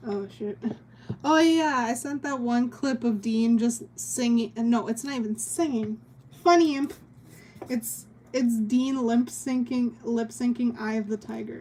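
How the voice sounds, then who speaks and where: A woman's voice: on the high side, a little slow, a little mellow, a little hiss or hum. A young woman streaming as she draws, chatting casually with a giggly, rambling manner. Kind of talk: casual chat while drawing on stream.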